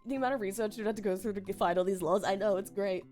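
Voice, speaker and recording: A woman's voice: mid-range voice, fast, a little mellow, soft background music. A woman streamer chatting casually while reacting to a video, with playful quips and frequent giggles.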